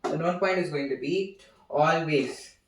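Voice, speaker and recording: A young man gives an informal physics seminar, halting and repeating phrases as he writes. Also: a little high, distant mic, background noise. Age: young adult. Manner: halting, repeats phrases while writing on a board. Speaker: student giving a physics seminar. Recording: echoey room, voice from off-mic.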